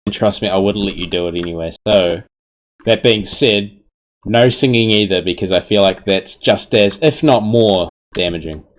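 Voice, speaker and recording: A man's voice: lowish voice, moderate pace. A man casting a live esports match in an easygoing way, correcting himself as he goes, on a headset mic. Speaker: esports caster.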